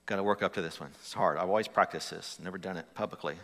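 A man's voice: low voice, steady tone, racing, fairly bright tone, in a large hall. A man preaching a sermon as pastor, conversational and putting questions to the congregation. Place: church sanctuary.

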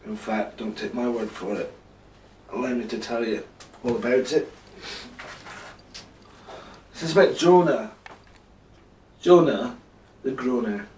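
Brief: man, slow and playful bedtime storyteller, roomy sound from off mic. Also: mid-range voice, darkish tone, distant mic, a little hiss or hum. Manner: chatty, playful, talks to listener.

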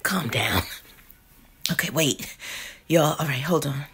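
A woman reviewing candles in a casual vlog, slangy and dramatic, cussing and swinging from mutters to loud outbursts. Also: low-pitched, takes it slowly, long pauses, husky.

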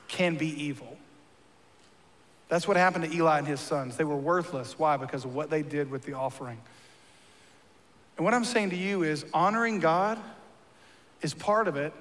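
Pastor guy preaching, high bright voice, jokey and emphatic, big church reverb. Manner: conversational, joking, emphatic preaching. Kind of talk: sermon. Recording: long reverb of a church hall.

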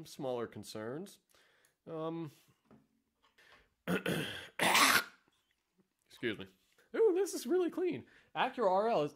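A man's voice: fairly high pitch, a little mellow. Sarcastic man riffing casually. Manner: sarcastic, profane, rambling. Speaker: vlog host. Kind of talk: casual commentary reading ads.

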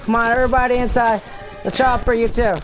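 A man yells taunts and trash talk while he plays, his commentary loud and excitable. Game music runs clearly underneath his voice. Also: extremely high pitch, quick pace. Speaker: gamer. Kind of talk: gameplay commentary.

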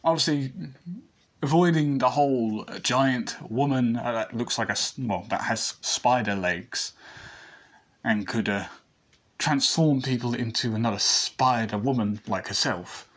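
A man's voice: medium pitch, unhurried, a bit bright. A man reading a fan story aloud, rambling with frequent restarts and asides.

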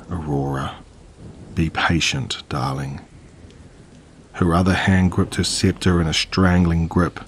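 Deep, husky male horror narrator.

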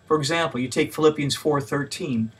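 A man's voice: fairly high pitch, fairly quick, husky, far from the mic. A man giving a mini lecture on Bible study in a plain, patient teaching manner, with frequent fillers and extra stress on each point he lists. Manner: stresses key words when listing points.

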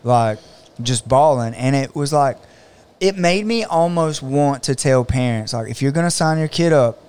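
A man coaching jiu-jitsu talks through a story on a podcast, playing out other people's words as he goes. His voice is smooth and clear, in a middle register. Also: mid-range voice, lively intonation, moderate pace, a little mellow. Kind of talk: casual podcast conversation.

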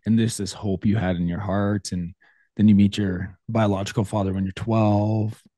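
A man's voice: lowish voice, flat delivery, normal speed, mellow, no room sound, clean studio sound. A man hosting a podcast in casual interview chat, earnest and affirming as he reflects on a guest's story. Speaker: podcast host.

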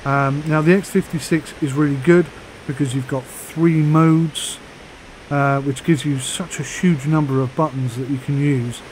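A man's voice: on the high side, fairly even intonation, unhurried, slight background noise, low-quality recording. Chatty man vlogging. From United Kingdom. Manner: chatty, rambling with fillers. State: hiccups. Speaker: flight sim YouTuber. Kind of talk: casual vlog commentary.

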